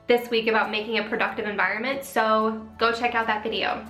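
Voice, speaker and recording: Bright chatty young woman, a bit sick. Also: fairly high pitch, little pitch movement. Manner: chatty, quick, lots of "like" and "um". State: sick, a little out of breath. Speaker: author vlogger answering viewer questions. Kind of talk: casual Q&A vlog. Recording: echoey room, faint music.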